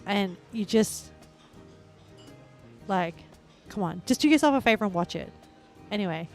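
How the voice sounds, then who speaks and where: A woman's voice: medium pitch, a little slow, long pauses, faint music behind. Chatty woman game streamer, rambling. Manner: chatty and rambling, heavy on "like" fillers; bursts into excited squeals and laughs. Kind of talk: casual live-stream chat.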